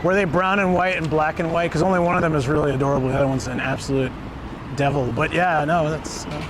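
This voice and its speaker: A man's voice: on the high side, fast. Chatty man streaming outdoors. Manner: chatty, excitable storyteller. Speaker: live-stream host. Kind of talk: casual live-stream chat while touring. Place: outdoors on city streets. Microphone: portable streaming rig. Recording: busy street noise.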